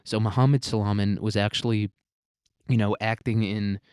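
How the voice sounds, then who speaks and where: Sarcastic, profane man, low and dry. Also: steady tone, moderate pace, darkish tone, clean tone, no echo. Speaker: podcast host. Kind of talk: solo commentary podcast.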